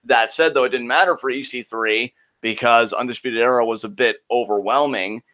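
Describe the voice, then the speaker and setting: Relaxed man chatting casually. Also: medium pitch, normal speed. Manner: relaxed, lots of ums. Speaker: podcast co-host. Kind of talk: casual chat.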